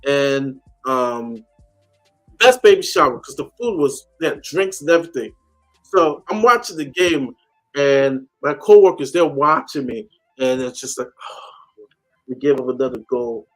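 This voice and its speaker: A man's voice: mid-range voice, animated, unhurried, a bit bright, soft background music. A man chatting casually on a call-in show, telling a story animatedly and acting out the people he quotes. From United States.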